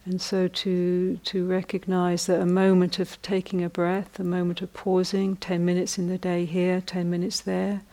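Woman meditation teacher, low voice, middle-aged, conversational dharma talk, reflective, laughs easily. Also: monotone, dark tone. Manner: conversational, laughs at her own jokes; reflective, with frequent restarts and pauses.

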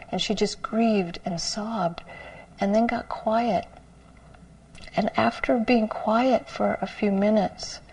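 A woman meditation teacher giving a dharma talk, telling a student's story in a soft, slow way and often dropping to a whisper. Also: mid-range voice, a little hiss or hum, poor audio.

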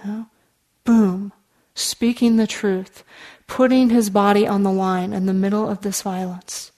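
A woman meditation teacher giving a dharma talk in an earnest, conversational way, with frequent fillers and soft asides. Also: fairly high pitch, steady tone, measured pace.

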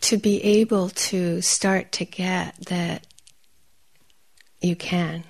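Woman giving a lively meditation talk. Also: fairly low pitch, drawn-out words, creaky, husky. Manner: animated storytelling, laughs often, drops to soft whisper. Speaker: meditation teacher. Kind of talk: dharma talk.

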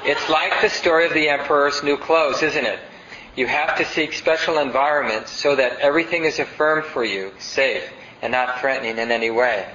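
A man's voice: medium pitch, moderate pace, pushed and bright, a little hiss or hum. A male meditation teacher giving a conversational dharma talk. He reads passages aloud and asks the audience questions. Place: meditation center hall. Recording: roomy, dull lo-fi sound.

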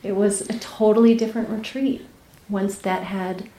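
A woman meditation teacher giving a dharma talk, telling a personal story candidly, laughing often and dropping to soft, near-whispered asides. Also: medium pitch, fairly even intonation, moderate pace, roomy sound. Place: retreat center meditation hall.

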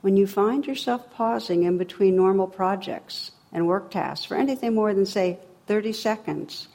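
A woman's voice: mid-range voice, moderate pace, hardly any pauses, darkish tone. A middle-aged woman giving a dharma talk as a meditation teacher, wry and humorous, then reflective.

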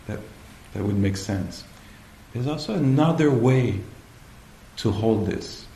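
A man giving a dharma talk at a meditation retreat, slow and hesitant, often pausing to search for the right words. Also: fairly low pitch, lively intonation, vocal fry, dark tone, a little hiss or hum. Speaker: meditation teacher. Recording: echoey room, faint ambience.

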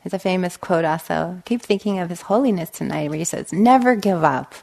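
A woman meditation teacher giving a gentle dharma talk, telling stories and often checking in with "right?". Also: on the low side, fast, creaky. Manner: gentle, storytelling, frequent "right?". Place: meditation hall.

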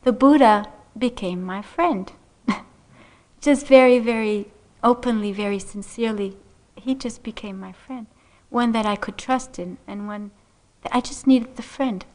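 A middle-aged woman meditation teacher telling a personal story in a dharma talk, unhurried and gentle, laughing softly often. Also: on the high side. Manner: unhurried, gentle, frequent soft laughs and "you know".

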